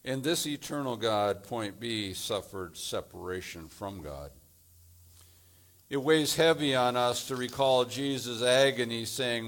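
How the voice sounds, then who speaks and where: Slow, gravelly male preacher. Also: mid-range voice, lively intonation, fairly bright tone. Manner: deliberate preaching in short phrases. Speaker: pastor. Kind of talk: sermon.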